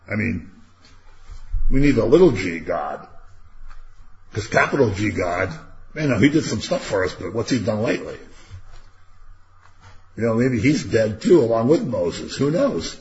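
A man's voice: fairly low pitch, very animated, a little slow, long pauses, a little mellow. A man teaching a casual Bible study class, talking conversationally, asking rhetorical questions and acting out quotes. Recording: dull lo-fi room recording with faint noise.

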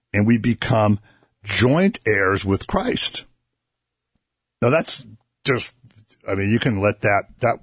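A low, husky-voiced man hosts a Christian radio show, walking his co-host and listeners through a Bible passage in an earnest, explanatory way that builds emphasis. It's conversational teaching, recorded in studio quality without echo.

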